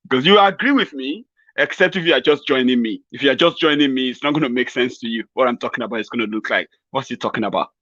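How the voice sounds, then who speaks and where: A man's voice: mid-range voice, fast, a bit bright, no echo, dull audio. A Nigerian man hosting a mocking political commentary vlog, rambling sarcastically and laughing at his own jokes.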